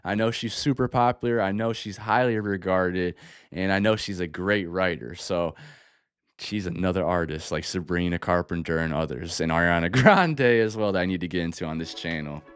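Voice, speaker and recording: A man's voice: low voice, moderate pace, smooth, dry recording, clean studio sound. A man hosting a music reaction, talking casually and enthusiastically, often exclaiming between thoughts.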